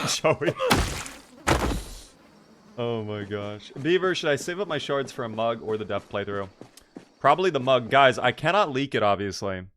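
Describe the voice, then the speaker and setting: A man's voice: mid-range voice, lively intonation, a little fast, noisy background. Chatty man streaming a game. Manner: rambling, chatty, lots of "like" fillers. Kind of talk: casual live-stream chat.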